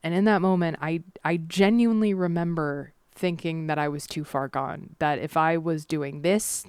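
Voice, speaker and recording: Low-voiced woman reading her essay candidly. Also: smooth, no room sound, studio quality. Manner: candid and earnest, with blunt swearing and self-aware humor. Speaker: creator reading her own essay series. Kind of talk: reading a personal essay aloud.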